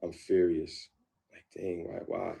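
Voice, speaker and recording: A male guest opens up in a candid interview about a relationship from his past. His voice is deep, dark and gravelly, resting low and at ease, though his speech stops and starts as he restarts and repeats himself.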